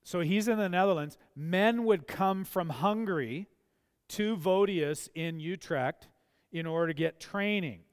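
Man, pastor, sermon, impassioned, high-pitched, church reverb. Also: a little slow, clean tone. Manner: impassioned, rising to emphatic pleas.

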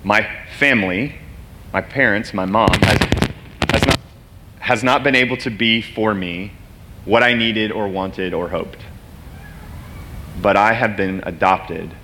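Over heavy background noise, a man with a lowish voice preaches at a measured pace as a guest speaker. His sermon is earnest and personal, candid about his struggles, with occasional emotion.

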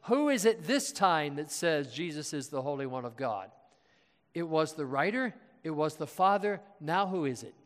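A male pastor with a high voice delivers a sermon in a large church, his words trailing off into a long reverb. He keeps putting questions to the congregation and stressing the words he wants them to notice. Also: very animated, normal speed.

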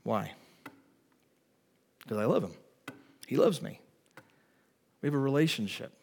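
A man preaching a sermon as pastor, swinging between loud emphatic lines and soft, quiet asides. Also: medium pitch, expressive, a little slow, vocal fry, husky. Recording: long hall reverb.

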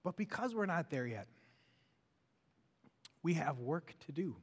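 A man preaching a sermon as a pastor, earnest, rising loud and then dropping to a hush. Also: fairly high pitch, expressive, a little slow, slightly rough. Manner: earnest, swings from loud to hushed.

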